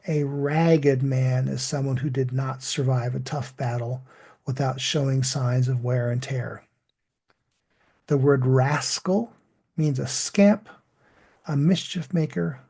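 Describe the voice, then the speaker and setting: Slow, gravelly-voiced male English teacher. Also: mid-range voice, warm tone. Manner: slow, deliberate, drawn-out model pronunciation. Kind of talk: online language lesson.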